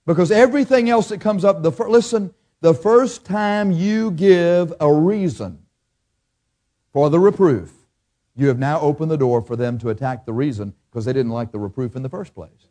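A man preaching a sermon as pastor, blunt and emphatic, acting out people's excuses in a higher whiny voice. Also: moderate pace, dark tone.

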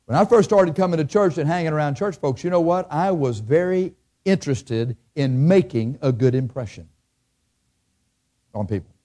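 A man's voice: fairly high pitch, expressive, moderate pace, mellow. A man preaching a sermon in a church, speaking conversationally and asking his listeners frequent questions.

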